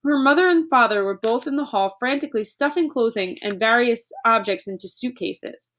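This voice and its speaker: A woman narrating a children's book aloud in a steady storytelling voice. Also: fairly high pitch, moderate pace. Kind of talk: audiobook reading.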